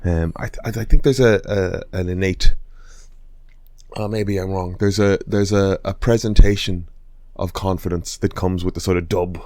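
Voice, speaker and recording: A man's voice: sits low, steady tone, normal speed, a little mellow, dry recording. A man from Dublin with a Dublin accent, hosting a casual podcast and rambling with many fillers. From Dublin, Ireland. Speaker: podcast host.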